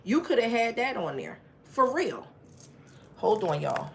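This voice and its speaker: A woman's voice: fairly high pitch, very animated, unhurried, vocal fry, a little hiss or hum. A woman hosting a storytime livestream. She tells her story in an emphatic, frank way and talks straight to her viewers. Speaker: channel host.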